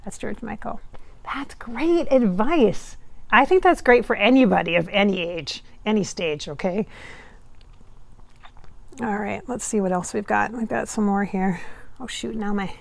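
Chatty medium woman with a gravelly edge. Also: mid-range voice, animated, a little slow, fairly bright tone, dry recording. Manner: chatty and rambling, many fillers, laughs often. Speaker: psychic medium channeling a spirit. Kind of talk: casual chat to camera, reading viewer comments.

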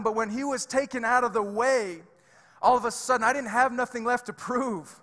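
Bright-voiced pastor preaching in a reverberant hall. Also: male voice, very high-pitched, fairly even intonation, fairly quick. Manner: emphatic, conversational preaching with fillers and repeats. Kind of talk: sermon. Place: church sanctuary.

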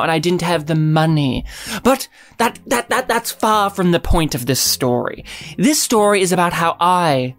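An Australian woman telling a comic story in a rambling, digressive, mock-earnest way. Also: fairly low pitch.

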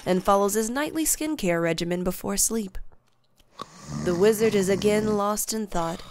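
Slow, gravelly woman narrating a tabletop game. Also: lowish voice, background noise. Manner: slow, expressive telling with character voices.

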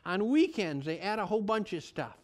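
A man's voice: high-pitched, sing-song, fairly quick. A male pastor giving a conversational sermon in a folksy, rambling way, often restarting his sentences and drifting into asides.

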